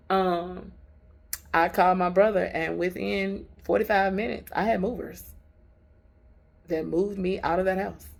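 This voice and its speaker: A woman's voice: lowish voice, vocal fry. A woman telling her faith story in a casual vlog from a hotel room, chatty, candid and emphatic, laughing often. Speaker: vlogger.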